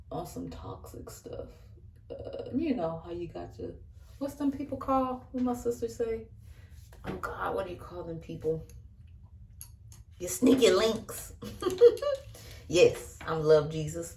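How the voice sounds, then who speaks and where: A young adult woman vlogger sharing a casual faith testimony while getting ready, earnest and chatty, with lots of "you know" and quick laughs. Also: lowish voice, a little mellow, slight background noise. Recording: roomy sound from a mic some distance away.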